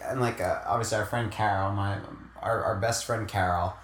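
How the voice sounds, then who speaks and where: A man's voice: lowish voice, fairly even intonation, normal speed, fairly bright tone, slight background noise. A young man co-hosting a podcast, rambling in a casual, self-mocking, jokey way. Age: young adult. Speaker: podcast co-host. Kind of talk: casual chat. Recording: echoey room.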